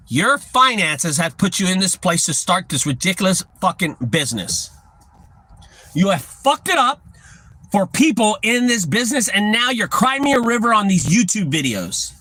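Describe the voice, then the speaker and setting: A man's voice: very high-pitched, big pitch swings, moderate pace, bright, forceful tone, no echo. A man with a Texan accent who owns a junk removal business, lecturing other owners in a blunt, profane rant to camera. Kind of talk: ranting talk to camera.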